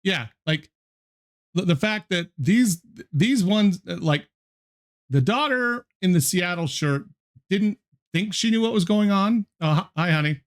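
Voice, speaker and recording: A man streaming and chatting casually, rambling with halting restarts as he comments on a video. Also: sits high, lively intonation.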